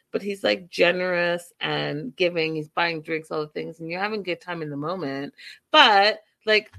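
A woman's voice: lowish voice, creaky, fairly bright tone. A woman giving blunt, casual commentary on a relationship, acting out quoted lines as she goes.

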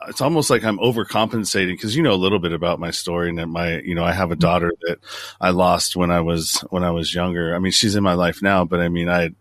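A man hosting a podcast, speaking in a halting, emotional way with many restarts. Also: sits low, steady tone, fairly bright tone, dry recording. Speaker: podcast host. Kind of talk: conversational podcast chat.

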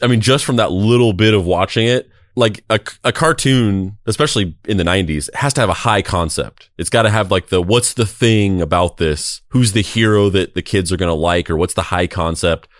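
Low-voiced rambling podcast co-host. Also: male voice, brisk, dry recording, studio quality. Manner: rambling, heavy on fillers. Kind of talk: casual chat.

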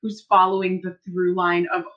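A woman's voice: lowish voice, level tone, normal speed, highs cut off. A woman co-hosting a podcast in casual, teasing chat. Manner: teasing, playful. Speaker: podcast co-host.

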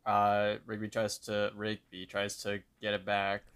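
Young guy with a lowish voice, chill podcast chat, retells cartoon scenes in quick little voices. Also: completely flat delivery, fairly bright tone, smooth. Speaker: podcast co-host. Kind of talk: casual chat recapping a cartoon episode.

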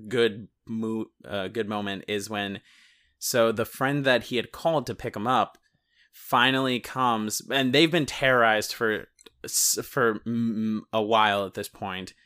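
A man co-hosting a podcast, chatting casually about a movie and retelling scenes in a rambling, animated way, swearing and laughing often. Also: on the low side, a little slow, smooth. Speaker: podcast co-host reviewing a movie. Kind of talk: casual chat.

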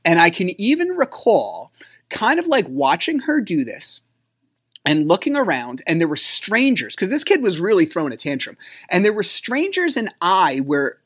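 A man hosting a podcast, telling a personal story in a rambling way, full of "like", sometimes dropping to a low murmur. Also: wildly swooping pitch, moderate pace, a bit bright. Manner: rambling, frequent filler "like". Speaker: podcast host.

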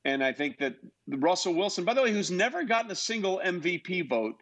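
A man chatting as a podcast guest, relaxed and explaining things as he goes. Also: high-pitched, brisk. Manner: relaxed, explains terms, easygoing storyteller. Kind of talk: casual interview chat.

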